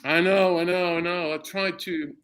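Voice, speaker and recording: A man's voice: high-pitched, fairly even intonation, moderate pace, fairly bright tone, clean tone. A male football fan chatting as a podcast guest over a video call from home, laughing constantly and calling everyone "mate". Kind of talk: casual chat. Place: at home, wife nearby.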